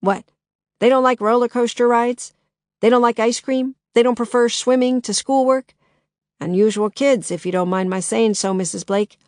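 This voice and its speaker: A woman voicing a thin, saturnine male private detective in a storybook, with a dry, creaky Minnesota accent and a slight lisp, calm and persuasive. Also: mid-range voice, moderate pace, few pauses, no echo, natural voice. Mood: teasing. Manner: calm, knowing, gently persuasive.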